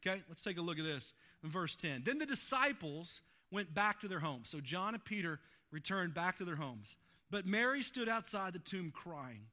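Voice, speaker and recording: A man's voice: high-pitched, very animated, normal speed, pushed and bright. A male pastor preaching a sermon, reading Bible verses aloud and retelling them in his own words. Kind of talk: sermon teaching a Bible passage.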